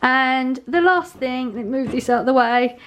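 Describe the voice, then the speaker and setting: Middle-aged woman, vlogger, relaxed rambling chat to camera, voice sitting a touch high. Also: normal speed. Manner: chatty and rambling, with many fillers and restarts.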